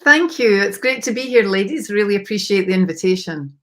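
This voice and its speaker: A woman's voice: mid-range voice, expressive, brisk, a bit bright. A woman with a Scottish accent, a podcast guest candidly telling a personal story, with hesitant fillers. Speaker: podcast guest, mindset coach.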